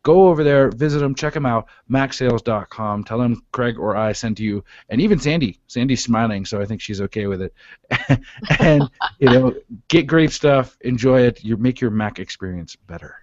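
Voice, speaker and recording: A man's voice: mid-range voice, normal speed, a little mellow, dry recording. A male radio host talking casually, joking and rambling with lots of fillers and restarts in a studio. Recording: dull, dry studio sound.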